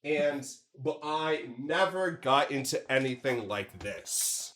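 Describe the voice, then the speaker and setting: A man's voice: medium pitch, lively intonation, slow pace, fairly bright tone. Rambling, profane young man telling stories. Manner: rambling, profane, self-deprecating. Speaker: streamer. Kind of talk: casual anecdote on stream.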